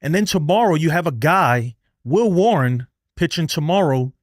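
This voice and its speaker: A man's voice: on the high side, expressive, normal speed, dry recording, clean studio sound. A man hosting a live stream and ranting angrily about his team, swearing, repeating himself and laughing in disbelief. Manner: angry, exasperated ranting with swearing. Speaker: livestream host. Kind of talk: live sports rant.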